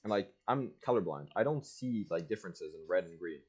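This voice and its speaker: A young man spins a casual story for his stream audience in a somewhat low voice. He lurches between loud, excited bursts and quiet, mumbled asides. His talk is loose and full of fillers. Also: a little fast, husky. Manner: casual, peppered with "like" and "blah, blah".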